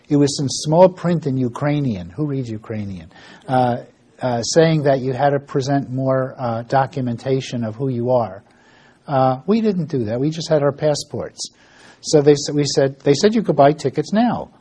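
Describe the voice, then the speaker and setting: Man, mellow husky voice, casual ministry storyteller, halting with fillers. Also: medium pitch. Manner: storytelling with frequent fillers and restarts; acts out dialogue in quoted voices. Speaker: ministry worker giving an update. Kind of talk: informal spoken ministry report.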